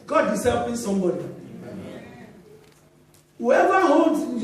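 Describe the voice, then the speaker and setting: A middle-aged woman preaches with a high, lively voice that swoops up and down as she acts out every line of her story. The sound comes from far off, with heavy echo off the walls of a large church hall. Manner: animated, laughing as she tells stories, acting out dialogue. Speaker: pastor. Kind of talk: sermon with storytelling.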